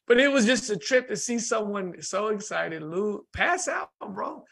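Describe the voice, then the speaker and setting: Male guest, high bright voice, lively storyteller. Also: normal speed, creaky, few pauses, slightly rough. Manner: lively, laughs often, acts out voices. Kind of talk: animated storytelling in conversation.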